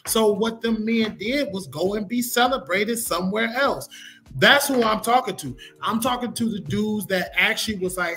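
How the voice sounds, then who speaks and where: Guy with a high bright voice laying out his take. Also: normal speed. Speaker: podcast co-host. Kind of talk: casual opinionated talk.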